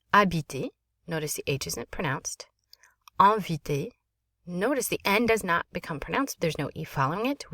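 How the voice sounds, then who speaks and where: A woman French teacher giving a quick, chatty grammar lesson, with frequent fillers while she explains. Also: low-pitched, fairly bright tone, no room sound, clean studio sound. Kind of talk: recorded language lesson. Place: small closet at home.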